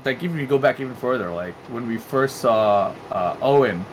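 A man chatting casually on a podcast, talking quickly and rambling. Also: mid-range voice, lively intonation, a little hiss or hum, poor audio. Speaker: podcast co-host. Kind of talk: casual chat.

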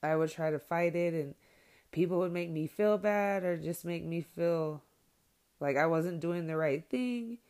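Woman, 30s, low gravelly voice, blunt and profane, heated straight-to-camera monologue. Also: measured pace, darkish tone. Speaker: mother sharing her views. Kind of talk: candid monologue to viewers.

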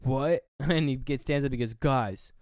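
Fairly quick and animated, a man co-hosting a podcast retells a movie scene by scene, voicing its characters with pitch jumps amid casual swearing and frequent fillers. The recording is dry and of studio quality.

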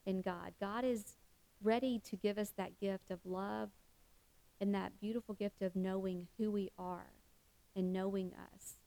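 A woman's voice: medium pitch, vocal fry, mellow, poor audio. A middle-aged woman giving a heartfelt devotional talk, earnest, with many fillers and restarts. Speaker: Christian speaker.

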